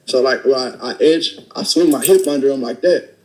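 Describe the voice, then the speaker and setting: A young man with a mid-pitched voice recounts events in a loose, conversational way. He lurches into acted-out dialogue and talks bluntly, with plenty of profanity. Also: moderate pace, rough recording. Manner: animated, acts out dialogue with profanity. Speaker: storyteller recounting a robbery. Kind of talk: casual retelling.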